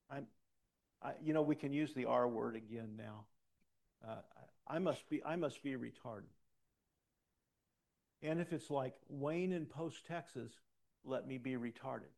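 A man's voice: mid-range voice, vocal fry. A man preaching a sermon to his congregation, emphatic and exhorting, repeating his key phrases. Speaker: pastor.

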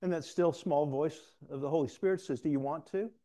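A man's voice: on the high side, fairly quick, mellow. A man, a preacher, giving a candid testimony to a room, storytelling with self-deprecating humor. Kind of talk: testimony sermon. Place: room with an audience.

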